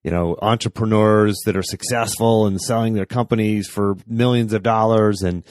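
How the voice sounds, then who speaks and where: A man's voice: lowish voice, fairly even intonation, moderate pace, darkish tone, no echo, clean studio sound. A man hosting a podcast, asking long, searching questions. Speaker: podcast host. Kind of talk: interview questions.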